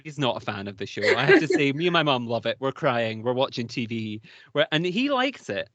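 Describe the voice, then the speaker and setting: A British man from the United Kingdom, co-hosting a podcast, rambles with enthusiasm through a casual chat and laughs often. His mid-range, fairly bright voice swoops wildly in pitch at a brisk pace, with no room sound.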